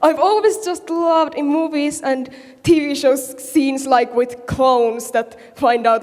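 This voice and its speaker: A woman's voice: high voice, fairly even intonation, takes it slowly, darkish tone. A woman, an audience member at a convention panel, rambling nervously and losing her thread. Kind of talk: casual chat at a panel. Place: convention hall. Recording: hall reverb.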